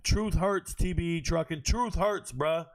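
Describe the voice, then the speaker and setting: A man's voice: a little high, unhurried. A man hosting a live stream, ranting at his chat in a brash, profane, confrontational way.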